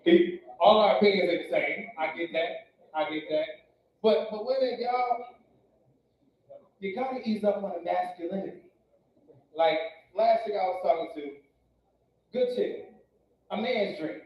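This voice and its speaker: A male comedian doing a stand-up set, loud and brash, swinging between shouting and muttering, on a club stage. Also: high voice, measured pace, long pauses, slight background noise. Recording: echoey distant club recording, dull sound.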